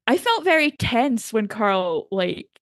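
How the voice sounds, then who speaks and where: A woman from the United Kingdom co-hosting a podcast in casual chat, animated and acting out quotes as she talks. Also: a little high, slow, no echo, studio quality. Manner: animated, acts out quotes in voices. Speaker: podcast co-host.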